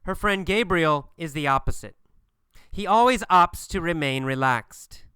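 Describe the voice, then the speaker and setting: Slow, emphatic man teaching English. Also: on the high side, animated, pushed and bright, clear, resonant tone, no room sound, clean studio sound. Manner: slow, emphatic, repeats phrases for learners. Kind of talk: scripted language lesson.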